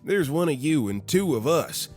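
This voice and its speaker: A man's voice: a little high, big pitch swings, moderate pace, darkish tone, faint music behind, pitched above the performer's own voice. A man voicing a condescending, hostile middle-aged man who talks down to a stranger. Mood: sneering. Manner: sneering, accusing.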